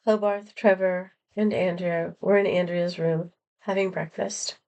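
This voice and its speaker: A woman reading a novel chapter aloud in a plain, steady manner, sometimes correcting herself. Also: fairly low pitch, unhurried, creaky. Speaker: narrator.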